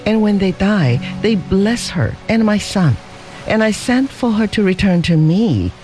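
Dignified merchant father, as read by a man; calm, solemn, slow, lively pitch. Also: soft background music.

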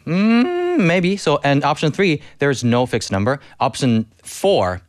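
A man's voice: medium pitch, expressive, unhurried, no echo, clean studio sound. A man posing a quiz question and teasing out the answer options in casual chat. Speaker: quiz presenter.

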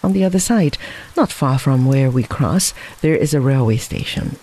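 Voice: medium pitch, animated, normal speed, warm tone, voice pushed down, poor audio. A narrator voicing a strong, proud man on the run, talking firmly. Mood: earnest.

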